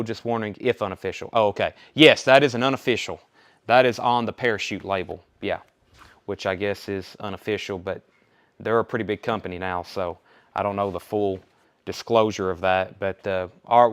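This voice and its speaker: A man's voice: lowish voice, clear, resonant tone. Chatty man hosting a live record sale. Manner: chatty, rattles off titles and prices. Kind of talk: casual live sales stream.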